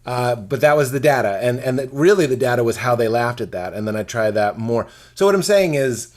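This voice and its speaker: In a relaxed podcast chat, a comedian man talks in a mid-pitched voice. He is animated and playful and breaks into goofy voices to make his point. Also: brisk. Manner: animated, jumps into silly character voices. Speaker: comedian guest.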